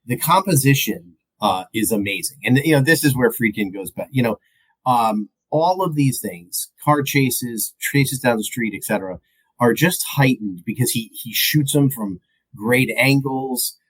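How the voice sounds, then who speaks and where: Husky-voiced man rambling a film review. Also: mid-range voice, measured pace, low-quality recording. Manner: rambling, animated, mimics movie lines. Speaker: podcast co-host. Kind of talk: casual film review chat.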